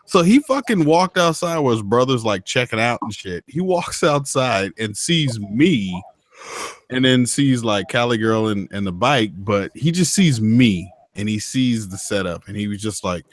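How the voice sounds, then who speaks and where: A man's voice: medium pitch, animated, unhurried, no room sound. A man in casual chat, telling long rambling stories with lots of swearing. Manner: rambling, profane storyteller. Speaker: motovlogger.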